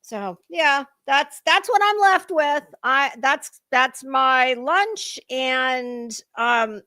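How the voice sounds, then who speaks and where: Animated, profane woman livestream host. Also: sits high, very slow, no echo, clean studio sound. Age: middle-aged. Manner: chatty, blunt and profane, talks to chat viewers. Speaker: political commentary livestream host. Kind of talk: casual live-stream chat.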